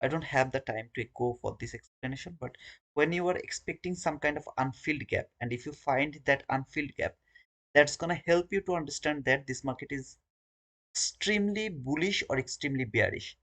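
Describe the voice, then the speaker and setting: A man's voice: fairly high pitch, brisk, fairly bright tone. A man hosting a live trading stream, talking to his viewers in an earnest, informal way.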